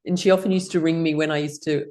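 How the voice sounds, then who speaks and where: A woman's voice: sits low, fairly even intonation, quick pace, darkish tone. A middle-aged woman teaching a guided laughter exercise class, playful and laughing often as she leads rhythmic ha-ha chants.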